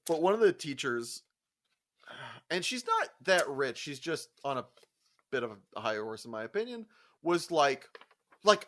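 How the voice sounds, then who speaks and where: A man's voice: a little high, normal speed, pauses often. Profane, laughing male storyteller. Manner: profane animated storyteller, laughs often, acts out quotes. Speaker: podcast co-host. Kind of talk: casual chat.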